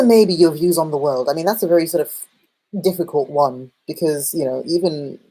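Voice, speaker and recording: A woman dating coach giving casual advice in a chatty, animated way, with playful asides to the viewer. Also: low voice, slightly rough, rough recording. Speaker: dating and self-discovery coach.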